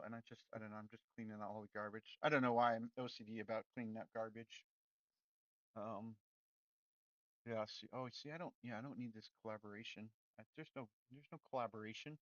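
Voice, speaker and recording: A man streaming his programming work, talking casually and rambling, often cutting himself off and getting loud and worked up when he rants. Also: medium pitch, no echo, dull audio. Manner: rambling and self-interrupting, turns loud and excited when ranting. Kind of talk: casual livestream chat while coding.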